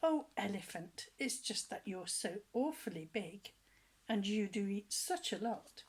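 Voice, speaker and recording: A woman voicing a kind storybook zookeeper who feeds the animals, in a soft, soothing voice. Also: medium pitch, expressive, measured pace, husky. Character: kind zookeeper man who never forgets.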